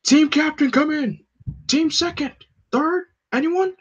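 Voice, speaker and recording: A man voicing a panicky male soldier calling over a radio in a squeaky, anxious voice, on a slightly dull recording. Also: takes it slowly.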